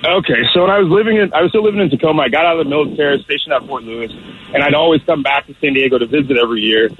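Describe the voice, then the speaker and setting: Fast-talking man on a tinny phone line. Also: on the high side, noisy background. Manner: animated, excitable storytelling. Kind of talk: storytelling on a radio call-in.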